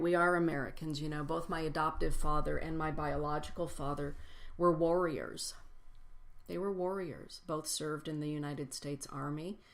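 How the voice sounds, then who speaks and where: A woman giving a personal spiritual talk to a congregation, speaking reflectively and building lists with slow, emphatic phrases. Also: deep voice, vocal fry.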